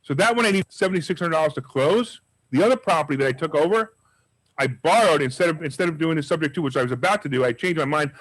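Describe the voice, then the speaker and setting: Fast upbeat guy teaching investing, kinda high voice, dry close sound. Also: no room sound, rough recording. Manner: energetic, emphatic storyteller. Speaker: real estate investing instructor. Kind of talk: live class with questions.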